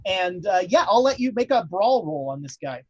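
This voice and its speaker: A man's voice: high voice, big pitch swings, normal speed, husky, no room sound, muffled recording. A man narrating a tabletop horror game as game master, rambling with many fillers.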